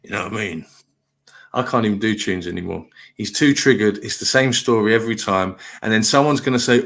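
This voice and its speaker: A man's voice: lowish voice, fairly quick, vocal fry, a bit bright. Man, middle-aged, live panel host, blunt, lecturing, repetitive. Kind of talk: heated live panel chat.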